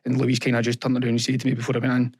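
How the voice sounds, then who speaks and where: Earnest young Scottish man, flat delivery. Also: medium pitch, breathy edge, no room sound, studio quality. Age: young adult. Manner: earnest, halting, retells events with quoted dialogue. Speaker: podcast guest. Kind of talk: candid personal interview.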